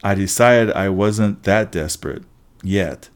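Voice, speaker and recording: A man's voice: fairly low pitch, a little slow. A man narrating a first-person story aloud, with occasional slips and restarts. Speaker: audiobook reader.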